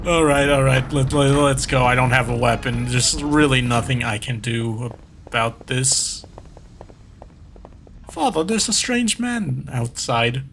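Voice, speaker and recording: A man's voice: mid-range voice, unhurried, noisy background. A man giving casual, rambling commentary while playing a horror game as a streamer. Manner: rambling, chatty, self-correcting. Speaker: gaming streamer. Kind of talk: casual let's-play commentary.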